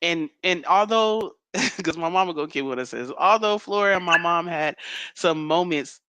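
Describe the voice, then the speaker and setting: A woman's voice: fairly low pitch, normal speed, sharp tone, no room sound. A woman co-hosting a casual podcast, teasing her partner, laughing often and talking over him. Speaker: podcast co-host. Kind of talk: casual chat.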